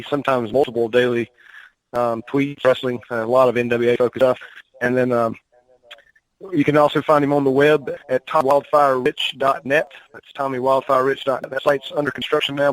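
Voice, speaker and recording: A man's voice: mid-range voice, fairly bright tone. A man on a phone call who handles bookings, carefully spelling out email addresses and web links. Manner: careful, spells out contact details. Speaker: booking contact for the guest.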